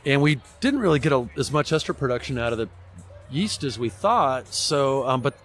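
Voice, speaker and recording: A man's voice: mid-range voice, very animated, moderate pace, faint music behind. A man, a brewmaster guest, talking casually and easily in a brewery tasting room. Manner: easygoing, talks through with fillers. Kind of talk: casual chat.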